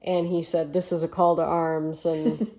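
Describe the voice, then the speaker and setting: A woman's voice: sits low, flat delivery, unhurried, dark tone. A woman from Michigan co-hosting a casual political podcast, telling stories bluntly with swearing and laughter. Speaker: podcast co-host.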